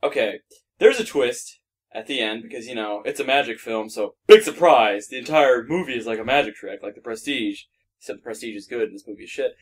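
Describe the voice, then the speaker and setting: A young man chats on a film podcast, blunt and sarcastic and quick to swear. His voice sits mid-range in pitch. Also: breathy edge. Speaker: podcast co-host. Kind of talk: casual movie review chat.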